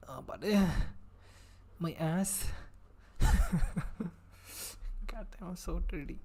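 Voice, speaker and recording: A man's voice: high-pitched, slow, pauses often, a little mellow. A man streaming himself coding, thinking aloud as he reads code, with playful asides. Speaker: livestreamer learning web development. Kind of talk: casual coding livestream.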